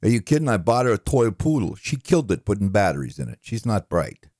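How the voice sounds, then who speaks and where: A man's voice: lowish voice, very animated, fast, darkish tone, no echo, clean studio sound. A man impersonating a put-upon, nervous middle-aged stand-up comic with a New York accent, firing off self-deprecating one-liners. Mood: exasperated. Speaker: impressionist. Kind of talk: stand-up comedy impression.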